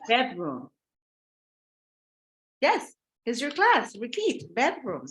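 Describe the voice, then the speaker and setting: A woman with a slightly low voice teaching an online English class. She is warm in her praise and checks in with her students often, asking "remember?" and "right?". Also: expressive, unhurried. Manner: encouraging, repeats and checks in often.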